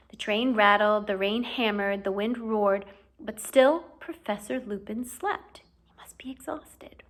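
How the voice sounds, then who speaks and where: A woman reads a novel aloud in audiobook style. Her narration is clear and steady, in a fairly high voice. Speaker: audiobook reader.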